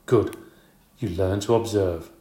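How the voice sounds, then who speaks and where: A man's voice: deep voice, steady tone, slow pace, dark tone, echoey room. A man reading the lines of an eager, encouraging young student teacher in a storybook.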